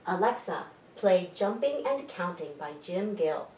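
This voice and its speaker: Animated sing-song storytime librarian. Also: female voice, fairly low pitch, a little slow, a little hiss or hum. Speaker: children's librarian hosting storytime. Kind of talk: children's storytime with songs. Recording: echoey room, distant mic, faint music.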